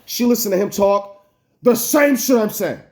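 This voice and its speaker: Male American vlogger, higher-pitched, upset and rambling, profane rant to camera. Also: expressive, normal speed, a little mellow. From United States. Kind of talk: emotional personal vlog rant.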